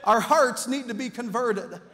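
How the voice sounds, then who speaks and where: A man with a very high, bright speaking voice, preaching to a church crowd. He tells his story with big animated swings and acts out every quoted voice. The sound rings with long reverb from the church hall. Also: measured pace. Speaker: youth pastor. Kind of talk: storytelling sermon. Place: church sanctuary.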